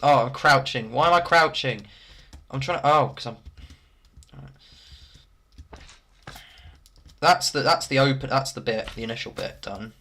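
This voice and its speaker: Bright-voiced rambling streamer. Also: male voice, mid-range voice, a little slow, creaky, pauses often. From Coventry, England. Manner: self-mocking, rambling asides with many ums. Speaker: game streamer. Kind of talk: casual live-stream commentary.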